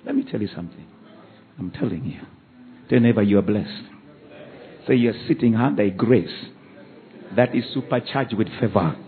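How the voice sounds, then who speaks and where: A male pastor preaching a sermon, leading the congregation in call-and-response and swinging from loud exhortation to quiet asides. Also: on the low side, normal speed, pauses often. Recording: phone-like narrow band.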